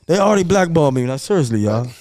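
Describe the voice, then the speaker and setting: A man's voice: on the high side, sing-song, rapid-fire, darkish tone, no room sound, clean studio sound. A man appearing as a guest on a podcast, talking in a brash, profane, ranting way. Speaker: podcast guest, music promoter. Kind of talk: casual podcast chat.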